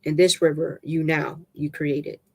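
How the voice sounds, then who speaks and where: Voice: medium pitch, flat delivery, a little slow. A reader voicing a soothing, firm young man. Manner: soft yet stern, soothing. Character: protective man calming his partner. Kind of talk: dramatic reading of a novel.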